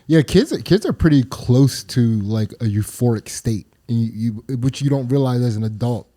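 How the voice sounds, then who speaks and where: Mellow-voiced man chatting loosely. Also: mid-range voice, animated, normal speed. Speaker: podcast co-host. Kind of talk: casual chat.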